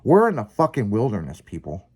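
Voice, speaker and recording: A man's voice: lowish voice, huge pitch swings, a little fast, darkish tone. Profane rambling man telling a story. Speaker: podcast host. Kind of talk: casual storytelling chat.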